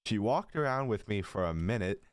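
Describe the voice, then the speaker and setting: A young man in his late teens with a slightly low voice tells a story on a casual vlog. He rambles, fills his sentences with fillers, and swears freely. The recording is dry and close. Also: expressive, a little fast, smooth, no room sound. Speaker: vlogger.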